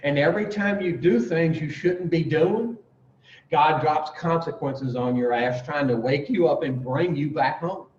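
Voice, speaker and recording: A man's voice: on the high side, unhurried, a little mellow, a little hiss or hum. A man telling a folksy, profane recovery story to a group, acting out voices as he goes. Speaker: addiction recovery speaker. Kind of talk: casual storytelling talk. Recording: roomy dull recording from far off.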